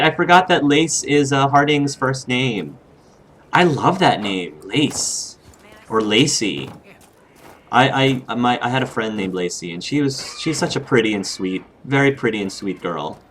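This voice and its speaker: A man's voice: lowish voice, lively intonation, normal speed, fairly bright tone, slight background noise. Chatty man commenting on a game. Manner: chatty, reads game texts aloud with asides. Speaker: let's play host. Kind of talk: casual gameplay commentary.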